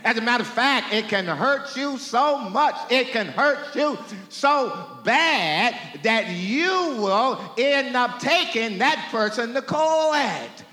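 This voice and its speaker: A male pastor preaches in a strikingly high, lively voice, stretching each phrase slowly. His tone is bright and ringing, and long reverb from a roomy sanctuary trails behind every line. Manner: slow, drawn-out preaching that builds to shouting; call-and-response with the congregation. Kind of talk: preaching a sermon. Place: church sanctuary.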